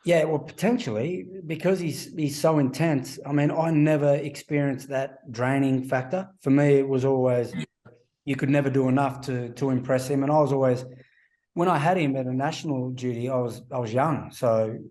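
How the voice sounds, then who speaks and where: A relaxed man in his forties talks through old stories on a podcast, his tone warm and dark. He slips into other people's voices as he quotes them, in an easy, unhurried conversational way. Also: mid-range voice. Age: 40s. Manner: anecdotal storytelling, acts out quoted voices. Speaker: podcast guest, former rugby player. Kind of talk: casual podcast interview.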